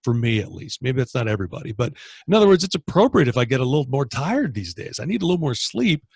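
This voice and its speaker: A Canadian man leads a group training over a video call, speaking with lively, animated energy as a motivational coach. His voice sits at a middle pitch and sounds close and dry, with no room around it. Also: quick pace, creaky, husky, no room sound. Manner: energetic, animated, acts out inner dialogue. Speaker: training manager hosting a call.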